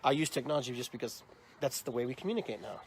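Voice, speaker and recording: A man's voice: medium pitch, expressive, racing, slight background noise. A man in his fifties, a podcast host, telling stories in a casual way and acting out the people in them. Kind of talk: casual storytelling interview.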